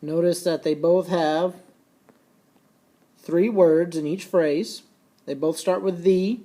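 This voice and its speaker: Folksy male teacher, mellow voice. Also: on the high side, fairly even intonation. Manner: folksy, repeats key points slowly for emphasis. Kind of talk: recorded classroom lecture.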